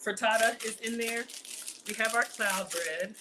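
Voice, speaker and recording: A woman's voice: on the high side, measured pace, background noise. A woman casually demonstrating a recipe in her home kitchen, chatting to viewers and calling them y'all. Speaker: cooking vlogger.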